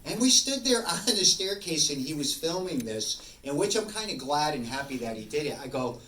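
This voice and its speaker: A man in his sixties, a paranormal investigator, gives a casual talk, telling rambling stories to an audience. His voice is a little high and his pace moderate, and he animatedly acts out both sides of conversations. The room is echoey, the mic distant, and there's faint noise.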